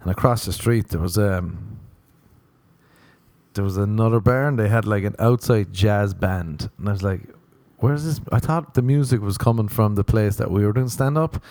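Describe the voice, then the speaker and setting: An Irish stand-up comedian hosts a podcast, rambling casually through profane, playful stories while sunburnt and mocking people in quoted voices. His voice is on the low side and a little mellow, at normal speed, in a dry recording.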